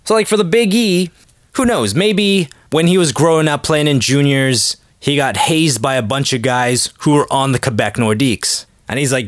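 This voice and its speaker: A man's voice: mid-range voice, moderate pace, dry recording, clean studio sound. A man hosting a podcast, rambling in a joking, casual monologue and acting out quotes in little voices. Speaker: podcast host.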